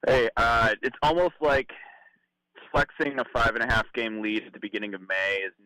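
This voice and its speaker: A man's voice: mid-range voice, fairly even intonation, normal speed, sharp tone, dry recording, low-quality recording. A man calling into a sports radio show, easygoing and rambling. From Milwaukee area. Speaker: caller. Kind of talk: call-in chat.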